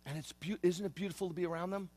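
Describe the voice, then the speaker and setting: A man's voice: sits high, steady tone, racing, darkish tone, slightly rough. A man in his fifties, a rabbi, preaching a conversational sermon in an earnest way, often repeating and restarting phrases. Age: 50s.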